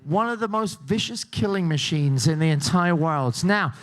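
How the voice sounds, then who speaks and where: A man's voice: a little high, lively intonation, normal speed, fairly bright tone. A man hosting a game show, joking and teasing the contestants and laughing often. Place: cruise ship show lounge.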